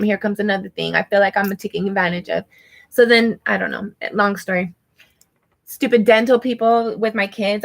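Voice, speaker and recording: A middle-aged woman with a gravelly edge to her voice chats casually on a live stream as a tarot reader. She vents with frustration and swears freely, then talks herself back into calm. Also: mid-range voice.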